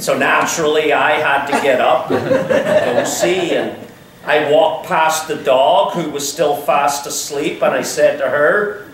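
A man preaching a sermon as pastor, expressive and dropping to a hush at times. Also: a little slow, background noise. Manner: expressive preaching, swinging pitch, drops to a hush. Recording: echoey room, voice from a distance.

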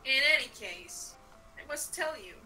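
A woman voicing a talking cat with a thick New Jersey accent, loud and over the top. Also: high-pitched, lively intonation, moderate pace, recorded from a distance, soft background music, voice pushed up, exaggerated voice, rough recording. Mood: brash. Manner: over-the-top, trailing into mock gibberish.

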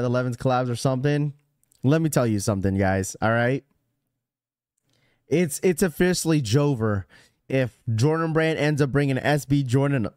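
Animated man hosting a sneaker livestream. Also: on the high side, no room sound, clean studio sound. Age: adult. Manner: animated, joking, ranting to chat. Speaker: sneaker podcast host. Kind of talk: casual livestream chat.

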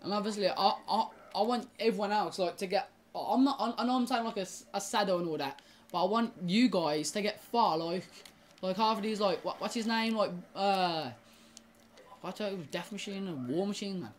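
A young woman chats casually to her audience while she plays. She stumbles and restarts sentences and curses at the game. Her voice sits at a middle pitch, with faint background noise. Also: moderate pace. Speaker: gaming YouTuber. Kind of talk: casual gaming commentary.

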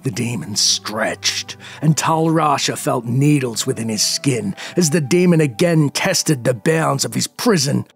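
A man narrating a dark fantasy story in a dramatic, expressive manner. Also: medium pitch, unhurried, gravelly, hardly any pauses. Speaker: lore narrator. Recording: faint background music.

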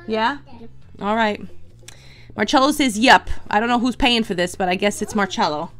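A woman hosting a toy unboxing video, chatty and excitable, talking straight to her viewers. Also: medium pitch, normal speed. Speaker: toy unboxing channel host. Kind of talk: casual unboxing chat.

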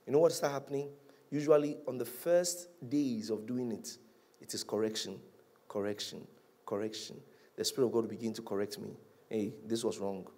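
Man, pastor, midweek sermon, animated, loud peaks and soft drops, mid pitch. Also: a little fast. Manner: animated preaching, swings between loud and hushed.

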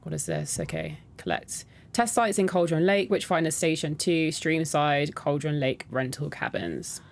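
A woman with a slightly low voice gives casual gameplay commentary, chatting with her viewers and reacting as she goes. She reads in-game notes aloud in an easy, unpolished way. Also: sing-song, normal speed. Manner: talks to her viewers directly. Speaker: gaming content creator. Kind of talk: casual let's-play commentary.

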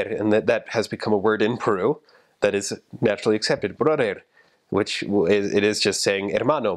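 A young man with a fairly low voice talks through his mission memories in a relaxed, chatty way. He laughs at his own anecdotes as he gives advice. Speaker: returned missionary. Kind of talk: casual advice talk.

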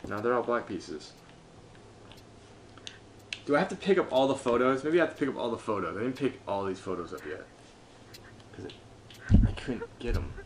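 Talking to himself at an ordinary pace with long pauses, a frustrated streamer swears his way through commentary on his own gameplay. His pitch stays lively, shifting between quiet muttering and shouting, over a light hiss or hum.

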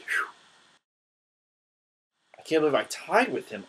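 A young man giving casual, excitable commentary on his own gameplay, trash-talking his opponents. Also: medium pitch, unhurried, breathy edge, poor audio.

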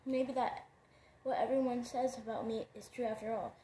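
A sly, mischievous old schoolmaster muses theatrically, as a woman reads him aloud. The voice is mellow, a little high, in a roomy echo. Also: flat delivery, moderate pace, a little hiss or hum, natural voice.

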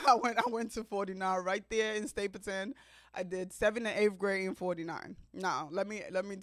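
A woman in her thirties from Africa, hosting a podcast and telling her life story to listeners in an expressive, chatty way, often laughing. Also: medium pitch, no echo, clean studio sound. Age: 30s. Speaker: podcast host. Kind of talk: personal storytelling monologue.

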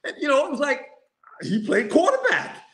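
A man's voice: very high voice, huge pitch swings, normal speed, fairly bright tone. An older man, a former football coach and player, telling anecdotes in a casual chat, acting out quotes and laughing often. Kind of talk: storytelling phone-in chat.

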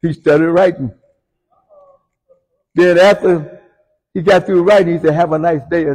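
Husky-voiced preacher in a reverberant church. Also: male voice, a little high, steady tone, measured pace. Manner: folksy storytelling preaching, swinging from hushed to shouted. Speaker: pastor. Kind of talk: sermon. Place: church sanctuary. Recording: long church hall reverb.

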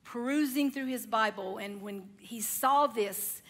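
A woman preacher telling a story in a sermon, animated and with laughing asides. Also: fairly high pitch, a little slow.

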